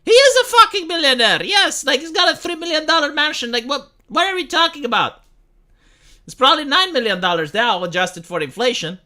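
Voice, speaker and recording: A man's voice: extremely high pitch, very animated, brisk, bright, forceful tone. A man who streams live and reacts with sarcastic, rambling commentary. He swears casually. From Romania.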